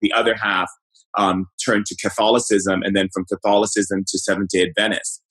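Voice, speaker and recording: A middle-aged man with a fairly low, husky voice tells a personal story as an interview guest. He talks loosely, searching for words and restarting sentences, in an easygoing conversational manner. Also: brisk, rough recording. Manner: relaxed, conversational recounting. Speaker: shaman guest.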